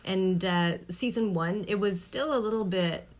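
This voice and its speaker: A woman's voice: mid-range voice, a little slow. A woman who is a guest on a podcast, chatting casually, agreeable and hesitant, with many ums and yeahs. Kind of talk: casual chat.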